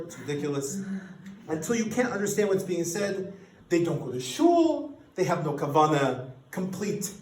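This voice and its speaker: A man giving an academic lecture, lively and animated, often restarting his sentences as he explains a source. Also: fairly high pitch, reverberant, poor audio. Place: lecture room.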